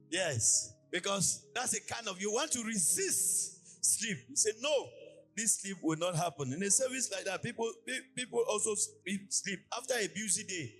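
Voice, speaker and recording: A man from Cameroon preaching a sermon in a church, with a sing-song preaching cadence and lively illustrative asides. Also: high-pitched. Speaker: pastor.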